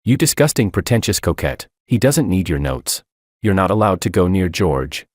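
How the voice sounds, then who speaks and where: A man voicing a spoiled, jealous teenage girl whose voice turns shrill and hysterical in a storybook narration. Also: big pitch swings, normal speed, darkish tone, no room sound, clean studio sound. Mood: screaming, furious.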